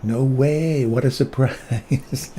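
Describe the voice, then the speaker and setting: A man's voice: mid-range voice, steady tone, slow, mellow, slight background noise. Casual man in his fifties streaming trades. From England, raised in Canada. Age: 50s. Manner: casual, talks through chart moves and answers chat. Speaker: trading livestream host. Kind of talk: live trading commentary.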